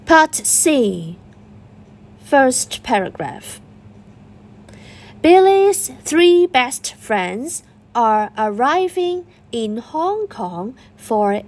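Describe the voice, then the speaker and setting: A woman reading a school dictation exercise aloud, slowly and deliberately, saying each punctuation mark out loud. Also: high voice. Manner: reads punctuation aloud, words spaced and deliberate. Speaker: dictation reader.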